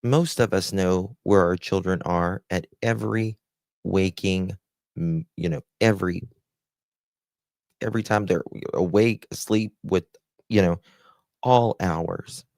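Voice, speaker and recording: Slow, gravelly low-voiced man hosting a live stream. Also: darkish tone, no echo. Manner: slow, heartfelt, greets viewers by name with endearments. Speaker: livestream host. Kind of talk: live stream chat with viewers.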